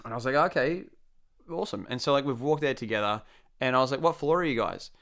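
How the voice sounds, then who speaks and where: A young man with an Australian accent tells a story in a relaxed, chatty way. His voice is smooth and resonant, and he slips into the other people's voices as he acts out what they said. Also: mid-range voice, rapid-fire. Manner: animated, acts out quotes. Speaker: storyteller guest. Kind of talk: casual anecdote.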